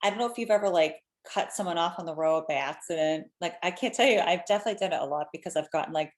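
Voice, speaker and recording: A woman's voice: on the low side, quick pace. A woman in her thirties hosting a live stream, chatting casually and animatedly with lots of fillers.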